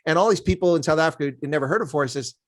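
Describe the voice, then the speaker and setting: Middle-aged American host, talks quickly, dry close sound, jokey and rambling. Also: male voice, a little high, no room sound. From United States. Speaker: interview host. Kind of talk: casual interview chat.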